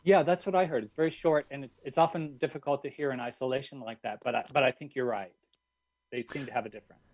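A man, a linguist guest on a radio interview, explaining with frequent pauses and restarts. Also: mid-range voice, fairly even intonation, darkish tone, slight background noise. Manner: thoughtful, many fillers and restarts.

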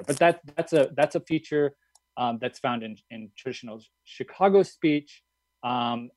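A man speaks as a guest expert on a radio talk show, explaining thoughtfully and pausing often to find his words. His voice sits at an average pitch and is recorded close and dry. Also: a little mellow, no echo. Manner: thoughtful, many fillers and restarts. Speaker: linguist guest.

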